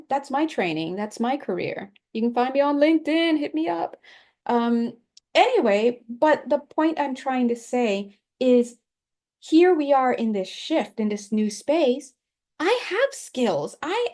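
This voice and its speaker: A woman's voice: fairly high pitch, a little mellow. Chatty woman giving a tarot reading. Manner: chatty, laughs often, drawn-out emphatic words. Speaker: tarot reader. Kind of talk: casual spiritual tarot reading.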